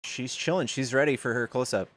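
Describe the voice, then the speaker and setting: This live-stream host, a man with a mid-range, fairly bright voice, talks at a fairly quick clip. He jokes around, swears offhandedly and reads donations aloud to chat, the talk being casual livestream banter and debate.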